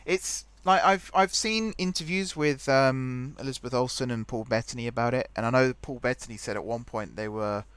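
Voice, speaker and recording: A man's voice: medium pitch, normal speed, hardly any pauses, fairly bright tone, smooth, no room sound. A young man hosting a game let's play, rambling chattily and thinking aloud as he types. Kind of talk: casual gameplay commentary.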